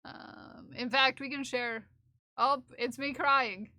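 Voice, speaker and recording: A woman's voice: high voice, steady tone, slow, sharp tone, no room sound, studio quality. A woman streamer chatting casually with her viewers, reading their messages aloud and laughing often. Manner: chatty, giggly, reads chat aloud. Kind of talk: casual live-stream chat.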